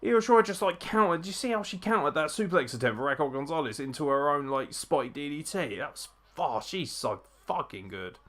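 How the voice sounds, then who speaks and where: A young man reacts live to a wrestling show, swearing freely and jumping between shouts and laughter. His voice sits at an ordinary middle pitch for a man, and his delivery is loose, unscripted commentary. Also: fairly quick, few pauses. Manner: excitable, swears a lot, bursts into laughter and shouts. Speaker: wrestling watchalong host.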